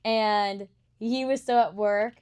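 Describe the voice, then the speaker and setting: A woman's voice: mid-range voice, steady tone, takes it slowly, a little mellow, clear, resonant tone. A young woman chatting casually on a podcast, often laughing as she tells a story. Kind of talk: casual chat.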